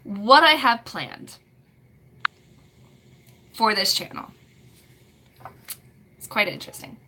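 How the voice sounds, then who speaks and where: A woman in her late twenties hosts a relaxed live chat. She rambles and giggles, trailing off into "um" and "like". Her voice is bright and crisp, and her pitch sits in the middle. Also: slow, slight background noise. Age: late 20s. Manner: rambling and giggly, full of fillers. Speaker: live stream host.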